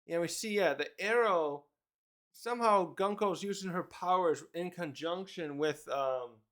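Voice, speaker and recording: A man's voice: sits high, unhurried, fairly bright tone. A man casually reviewing a manga chapter, rambling, correcting himself and reading the panels aloud.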